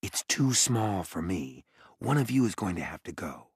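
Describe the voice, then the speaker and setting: A man voicing a bossy, brisk teenage girl, the older sister, in an audiobook. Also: sits low, big pitch swings, husky, dry recording, clean studio sound, heavily acted. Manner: brisk and commanding.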